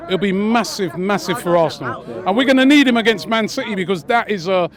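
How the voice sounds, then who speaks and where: A young man chatting excitedly as a fan after a match, repeating himself with lots of fillers. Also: high voice, brisk. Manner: animated, repeats phrases, many fillers. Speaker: interviewed fan. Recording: crowd noise outdoors.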